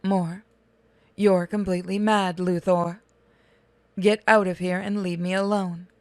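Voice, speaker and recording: A brooding male cyborg prisoner, voiced by a woman, speaks quietly and flatly through a robot voice effect. He sounds bitter and sorry for himself. The tone is smooth, the mic close and dry. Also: on the low side, unhurried, dry recording.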